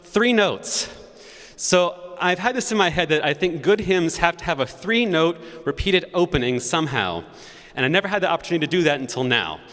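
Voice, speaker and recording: A male organist addresses a congregation from a church microphone, relaxed and anecdotal as he explains how a hymn came together. His voice sits a little high for a man. Long reverb from the big sanctuary hangs after every phrase. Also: fairly quick. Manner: chatty, storytelling, sings note syllables to demonstrate. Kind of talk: spoken introduction to a hymn at a concert.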